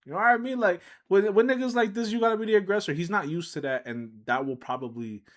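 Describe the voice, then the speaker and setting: A man streamer casually telling a personal story, animated and laughing, swinging between mumbles and shouts. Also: high-pitched, fast. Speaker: streamer reacting to a video.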